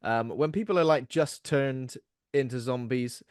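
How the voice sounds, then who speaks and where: A man talks through a horror film's plot on a casual podcast, pausing with ums and reading from notes. His voice is pitched fairly low and recorded dry and close, with no room sound. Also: a little mellow, smooth, no echo. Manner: hesitant, reads plot notes aloud, amused. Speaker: podcast co-host. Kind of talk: casual film review chat.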